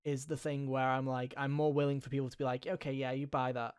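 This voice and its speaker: A man's voice: mid-range voice, flat delivery, fast, smooth. A man co-hosting a gaming podcast in casual chat, rambling and jokey, with a lot of swearing. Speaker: podcast co-host.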